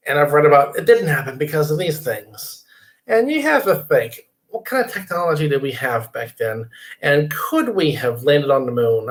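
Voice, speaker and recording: A middle-aged man hosting a casual live stream from his computer desk, rambling, reading viewer comments aloud and inviting people to join. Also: on the high side.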